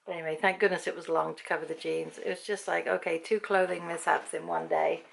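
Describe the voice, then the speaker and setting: A woman's voice: lowish voice, fairly even intonation, moderate pace, gravelly. A British woman telling a story at home in a casual vlog, chatty and laughing often as she acts out what people said. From Britain. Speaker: vlogger.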